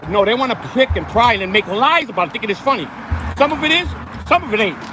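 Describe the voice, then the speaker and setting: A man's voice: very high-pitched, sing-song, fast, music in the background, low-quality recording. A man ranting angrily and profanely on a phone livestream while standing outdoors in the hot sun. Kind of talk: livestream rant. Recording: outdoor phone stream with traffic noise.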